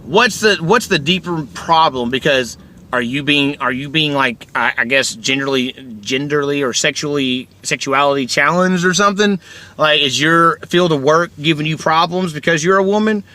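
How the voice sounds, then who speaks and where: A man's voice: a little high, normal speed, sharp tone. A man with a Kentucky accent hosting a podcast, ranting in casual, profane, rambling talk. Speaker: podcast host.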